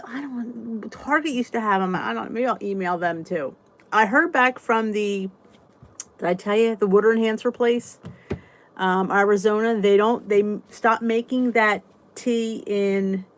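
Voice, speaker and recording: A woman hosting a casual live-stream support chat, chatting in a rambling way and reading viewers' comments aloud. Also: medium pitch.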